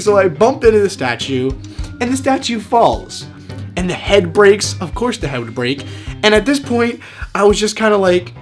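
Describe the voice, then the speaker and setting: Man, vlogger, excitable storytelling, swears a lot, faint guitar music behind. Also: high-pitched, fairly quick. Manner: excitable, swears freely, acts out voices. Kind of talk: animated storytelling.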